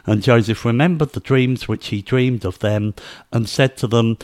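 A man reading scripture aloud in a measured, solemn narration. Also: medium pitch, a little mellow, dry recording, clean studio sound. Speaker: scripture reader.

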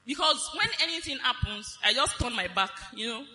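A woman preaches on marriage in a high, bright voice that rings through a hall with a long reverb tail. She is animated and laughs easily, and she lifts her phrases into a sing-song lilt. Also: fairly quick. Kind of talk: sermon.

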